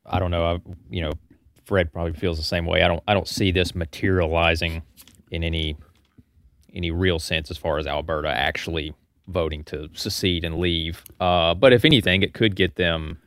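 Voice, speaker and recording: A man's voice: low-pitched, steady tone, normal speed, a bit bright, dry recording, clean studio sound. A man on a discussion panel, hesitant at first and then joking around. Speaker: panel guest.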